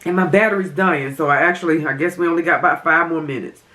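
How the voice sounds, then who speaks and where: A woman's voice: sits low, fast, pushed and bright, a little hiss or hum. A young adult woman vlogging during a mukbang, talking straight to her viewers in a heated, impassioned way. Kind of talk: emotional mukbang commentary.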